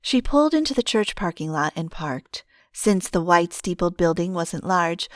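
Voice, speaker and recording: A woman narrating an audiobook in a calm, steady storytelling manner on a close mic. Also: lowish voice, dry recording.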